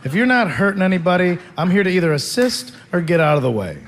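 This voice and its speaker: A man's voice: sits high, sing-song, fast. A man performing stand-up comedy, telling a rambling, self-mocking story.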